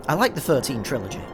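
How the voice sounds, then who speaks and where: A young man hosting a casual gameplay let's play, swearing often, laughing and reading game text aloud. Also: a little high. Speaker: gaming let's-play host. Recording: game audio mixed under voice. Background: game music.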